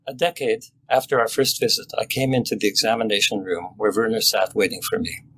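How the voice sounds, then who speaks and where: An older man, a family doctor, reading his own story aloud in a measured, sober and reflective way. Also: on the low side, steady tone, a bit bright, a little hiss or hum, rough recording.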